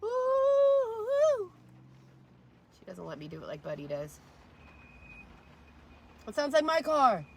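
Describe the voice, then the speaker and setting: A woman's voice: low voice, big pitch swings, moderate pace, gravelly, pauses often, fairly bright tone, a little hiss or hum. A woman livestreaming from her phone, rambling and swearing to her chat with frequent laughter. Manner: rambling, profane, laughs often.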